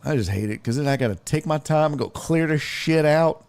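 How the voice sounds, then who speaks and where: A man's voice: a little high, animated, a little fast, vocal fry, a little mellow. A man hosting a casual sports show, ranting and rambling with lots of swearing. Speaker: sports podcast host.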